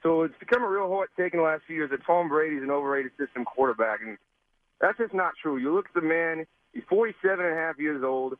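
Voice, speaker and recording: A man's voice: on the high side, expressive, quick pace. A man calling in to a radio show, doing a put-on Boston accent. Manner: putting on a Boston accent for a contest. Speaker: caller. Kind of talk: radio call-in. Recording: tinny phone line.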